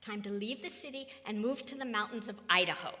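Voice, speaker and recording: A woman's voice: medium pitch, quick pace, pushed and bright. An older woman from California, giving an emphatic spiritual talk full of rhetorical questions, in a reverberant hall. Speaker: spiritual teacher. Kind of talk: satsang talk.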